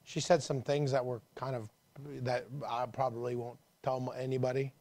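A man preaching a conversational sermon to his church, dropping low and quiet, then rising to emphatic calls. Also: little pitch movement, normal speed. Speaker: pastor.

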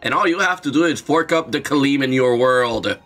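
A man's voice: mid-range voice, moderate pace, a bit bright. A young man riffing sarcastically through a game readthrough, joking with his chat and swearing now and then. His voice sits mid-range, with faint music underneath. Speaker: streamer. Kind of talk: casual gaming commentary.

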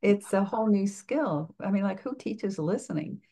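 An older woman speaking coach answering interview questions in a reflective, halting way, with frequent restarts. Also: mid-range voice, lively intonation, creaky, warm tone.

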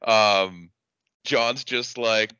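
A man's voice: lowish voice, very slow, bright, forceful tone, smooth, no echo, lo-fi sound. A man co-hosting a podcast, chatting casually about a movie and laughing often. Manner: laid-back, laughing, swearing. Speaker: podcast co-host.

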